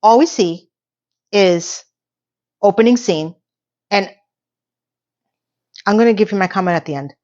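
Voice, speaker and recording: A woman's voice: mid-range voice, a little slow, pauses often, a little mellow. A woman in a casual TV recap vlog, rambling in a sarcastic, playfully exasperated way. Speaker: TV recap YouTuber. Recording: slightly dull lo-fi audio.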